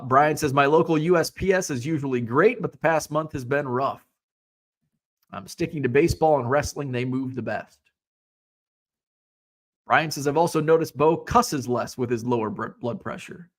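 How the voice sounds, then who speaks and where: A man's voice: medium pitch, a bit bright. A man from Illinois hosting a casual live-stream, reading viewer comments aloud and answering with wry asides. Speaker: host of a sports card hobby show.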